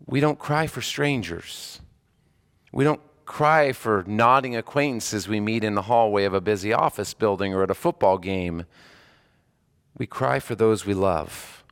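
A man's voice: fairly low pitch, fairly bright tone. A middle-aged man, a hospice chaplain and pastor, preaching a sermon in an earnest way, often repeating words and restarting phrases.

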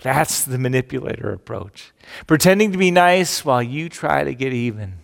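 A middle-aged man preaching a sermon, animated and emphatic, acting out the quotes he tells. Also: mid-range voice, normal speed, vocal fry, big-room sound. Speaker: pastor.

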